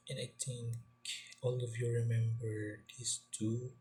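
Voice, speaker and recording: A male teacher giving a classroom lecture, halting and repeating words as he quizzes his students. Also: mid-range voice, flat delivery, mellow, slight background noise.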